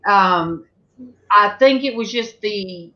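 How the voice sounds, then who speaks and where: Middle-aged Southern woman, chatty storyteller, bright forceful voice, dull lo-fi call audio. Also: medium pitch, slow pace. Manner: chatty storyteller, many fillers and restarts. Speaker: host of a panel chat. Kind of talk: casual chat. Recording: dull lo-fi sound.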